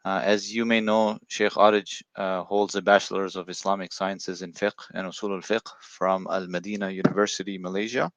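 Deep flat-voiced male announcer. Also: moderate pace, few pauses, no room sound, lo-fi sound. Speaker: announcer introducing a speaker. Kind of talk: formal introduction.

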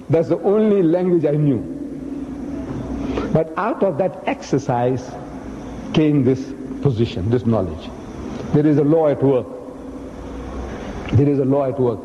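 A man giving a lecture, telling a story with lively acted-out dialogue. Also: on the high side, moderate pace, pauses often, roomy sound, long reverb tail, dull audio, slight background noise. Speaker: speaker.

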